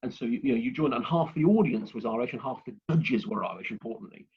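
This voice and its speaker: A man's voice: mid-range voice, lively intonation, fast, slightly rough. Man, workshop presenter, rambling, filler-heavy, muffled video-call audio. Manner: rambling, many fillers and restarts. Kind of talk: instructional talk with anecdotes.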